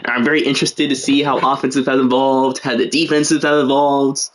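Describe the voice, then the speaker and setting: A man's voice: medium pitch, flat delivery, a little fast, a little hiss or hum. A young man giving casual, joking play-by-play commentary on a livestreamed game, full of slangy asides and rambling.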